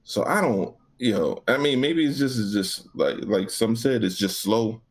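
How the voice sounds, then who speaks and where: A man's voice: fairly low pitch, moderate pace, husky. A man co-hosting a gaming podcast, ranting casually with lots of profanity and acted-out back-and-forth. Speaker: podcast co-host.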